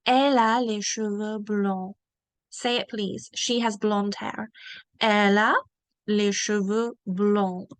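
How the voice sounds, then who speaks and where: A woman teaching a beginner French lesson, modelling each word slowly and asking learners to repeat it. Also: mid-range voice, steady tone, clear, resonant tone, dry recording. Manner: slow, drawn-out modelling of each word for repetition.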